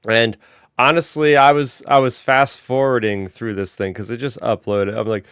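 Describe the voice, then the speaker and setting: Enthusiastic and casual, a male fan podcast host works through announcements, news, and housekeeping at normal speed. His medium-pitched voice is smooth, steady, and fairly bright. The sound is studio quality, with no echo.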